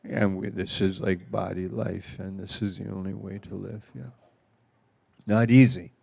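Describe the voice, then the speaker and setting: A man's voice: low voice, little pitch movement, moderate pace, gravelly, a little mellow, husky, no room sound. A man speaking as a pastor in an informal church talk, rambling and emotional, laughing through his stories.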